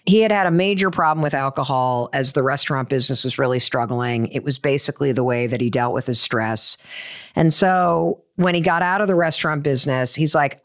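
A woman's voice: low voice, lively intonation, moderate pace. A woman giving motivational advice, telling a self-deprecating personal story with emphatic repetition. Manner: emphatic, repeats key points.

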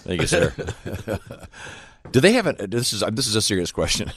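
A man's voice: lowish voice, very animated, measured pace, gravelly, a bit bright, slightly rough, no room sound. A middle-aged man hosting a radio show, trading dry jokes with co-hosts and laughing at his own lines. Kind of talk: casual radio banter.

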